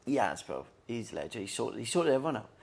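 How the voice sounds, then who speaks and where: A laid-back young man with a mid-pitched voice, co-hosting a casual podcast. He swears easily and recalls family stories. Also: very animated, brisk, creaky. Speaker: podcast co-host. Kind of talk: casual chat.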